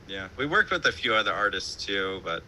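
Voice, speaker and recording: A man with a piercingly bright, somewhat low voice chats as an interview guest from his home. His stories ramble loosely, packed with fillers, casual swearing and laughter. A faint hiss sits under the streamed call. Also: sing-song, brisk, poor audio. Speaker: band musician, interview guest.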